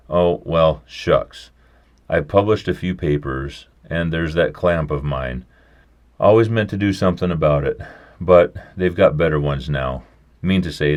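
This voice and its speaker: A man doing a gruff folksy old country doctor. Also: very deep voice. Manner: brisk, gruff, folksy drawl.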